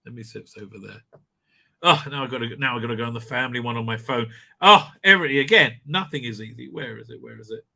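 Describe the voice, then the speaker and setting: A man's voice: mid-range voice, flat delivery, rapid-fire, creaky, sharp tone. A man hosting a casual live stream from home, reading out viewer comments, rambling and stammering and laughing often.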